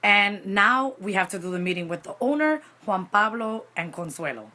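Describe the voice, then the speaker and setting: Animated woman telling a story. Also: mid-range voice, normal speed. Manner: animated, dramatic, mixes in Spanish phrases. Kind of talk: casual storytime vlog.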